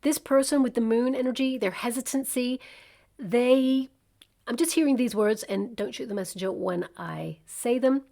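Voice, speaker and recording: A woman's voice: fairly high pitch, normal speed, vocal fry, dark tone. A woman giving a tarot reading to the viewer in a conversational, musing way, often saying "you know" and "like". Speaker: tarot reader.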